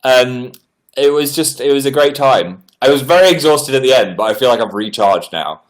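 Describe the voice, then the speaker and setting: A man hosting a casual livestream, chattily reading out viewer messages and answering them, his pitch often jumping up on exclamations. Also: normal speed. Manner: chatty, animated, reads messages aloud with upward-jumping pitch. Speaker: livestream host. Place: indoors at home.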